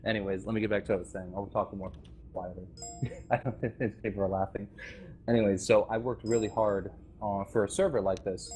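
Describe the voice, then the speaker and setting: A man's voice: on the low side, a little mellow. A man giving an impassioned, rambling voice-chat speech to players about the game server community he left, full of restarts and nervous laughs. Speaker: former game server staff member addressing players. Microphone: voice chat microphone.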